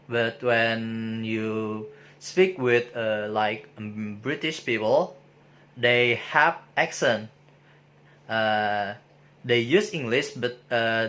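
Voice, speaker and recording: Slow, hesitant man giving a lecture. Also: medium pitch, fairly bright tone. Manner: hesitant, many filler sounds and restarts. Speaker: presenter explaining sociolinguistics. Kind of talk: informal spoken lecture.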